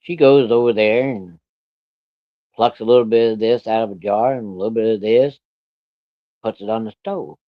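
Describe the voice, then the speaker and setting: A man's voice: fairly low pitch, normal speed, pauses often, no room sound, dull audio. A man telling a personal story in a casual, plainspoken way, with plenty of profanity. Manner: plainspoken, profane, vivid retelling.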